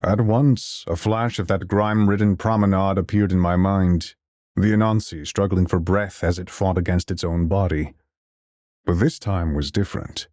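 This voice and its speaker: A man narrating a science fiction audio drama in the first person, in a steady, measured storytelling manner. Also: low-pitched, dry recording, clean studio sound.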